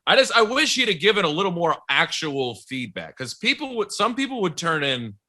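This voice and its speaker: A man's voice: fairly high pitch, very animated, a little fast, pushed and bright. A man co-hosting a podcast, telling stories in casual chat with lots of laughter and casual swearing. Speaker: podcast co-host.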